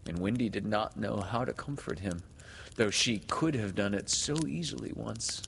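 A man narrating a storybook in an unhurried, expressive manner. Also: on the low side, vocal fry. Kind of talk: audiobook narration. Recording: reverberant room, faint hiss.

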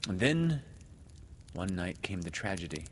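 A man narrating a storybook in an unhurried, expressive manner. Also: low-pitched. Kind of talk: audiobook narration. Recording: reverberant room, faint hiss.

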